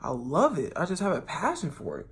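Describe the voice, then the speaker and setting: Male vlogger, unscripted monologue straight to viewers, rambling, full of restarts and swearing, loudness jumps around. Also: a little high, huge pitch swings, brisk. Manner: rambling, with many restarts and sudden swings in loudness.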